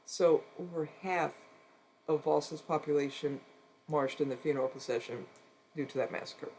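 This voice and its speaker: Here is a streamer doing a cold reading of a non-fiction book, voice of middling pitch for its kind. They read steadily, calling out every "quote" and "end quote," and now and then drop a short wry remark of their own. A faint hum of noise sits under the voice. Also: normal speed, a little mellow, low-quality recording. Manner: reads steadily, saying "quote" and "end quote" around quotations; adds brief wry asides between passages.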